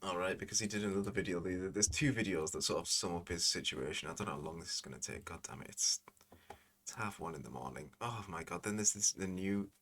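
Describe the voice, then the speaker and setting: Casting: deep-voiced guy, rambling sardonic commentator. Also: quick pace, fairly bright tone. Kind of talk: casual commentary.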